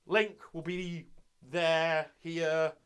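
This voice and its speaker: A young man who hosts an anime review channel talks through a review in a casual, unscripted, sweary way, often restarting sentences. His fairly high voice, a little above the usual male range, is smooth and a bit bright, with little pitch movement and an extremely slow delivery.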